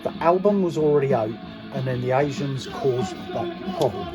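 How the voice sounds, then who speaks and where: A man's voice: medium pitch, wildly swooping pitch, moderate pace, music in the background. A middle-aged man from England giving a blunt, sweary, indignant monologue, full of rhetorical questions to his viewers. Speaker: political commentary vlogger. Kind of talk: casual ranting monologue.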